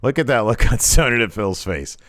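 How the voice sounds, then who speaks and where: A man's voice: medium pitch, lively intonation, a little fast, a bit bright, no room sound, clean studio sound. A young adult man giving chatty, sarcastic commentary over wrestling footage, rambling a little. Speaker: wrestling video host.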